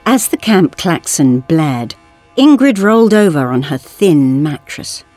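A woman narrating an audiobook story in an expressive way. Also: deep voice, measured pace, faint music behind. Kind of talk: scripted narration.

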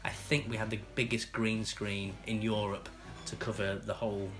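A man with a Stockport accent, an actor chatting as an interview guest, self-mocking and quick to laugh. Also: lowish voice, flat delivery, music in the background. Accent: Stockport, northern English. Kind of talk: casual interview chat.

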